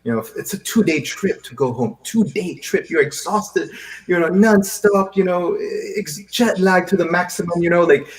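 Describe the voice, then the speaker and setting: A man who grew up in Seychelles, hosting a casual video chat in an animated way, often stumbling over repeated words. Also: high-pitched, moderate pace, rough recording. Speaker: host. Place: live video call.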